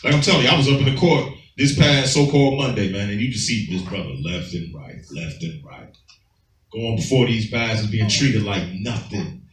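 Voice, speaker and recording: A man's voice: mid-range voice, brisk, a bit bright. Emphatic preaching man in a roomy space. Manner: emphatic, streetwise, asks listeners for agreement. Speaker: teacher of a Sabbath class. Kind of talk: preaching scripture commentary. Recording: roomy, far from the mic.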